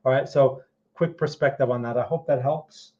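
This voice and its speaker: A man's voice: medium pitch, fairly even intonation, normal speed, phone-quality sound. A man giving casual market commentary to viewers, checking in often with "right?" and "okay?" as he walks through charts. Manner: conversational, frequent "right?" and "okay?" check-ins. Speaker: trading educator answering viewer questions.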